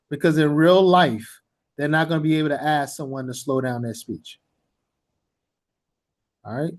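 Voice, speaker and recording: Emphatic man lecturing on teaching. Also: on the high side. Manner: emphatic, repeats points for stress; blunt and informal. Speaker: TESOL instructor.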